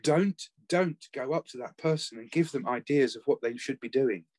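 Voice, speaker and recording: A man, talking earnestly and haltingly about caring for his late spouse in a conversational interview. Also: medium pitch, darkish tone, dry recording. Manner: earnest, reflective, halting with restarts. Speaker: bereaved former family carer, guest.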